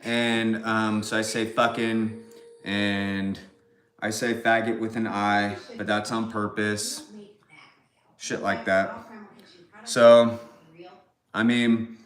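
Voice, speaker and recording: A man's voice: lowish voice, level tone, slow pace, pauses often, a bit bright. Profane rambling Californian man. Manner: profane, rambling, repeats filler phrases. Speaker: vlogger. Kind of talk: rambling monologue. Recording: roomy echo.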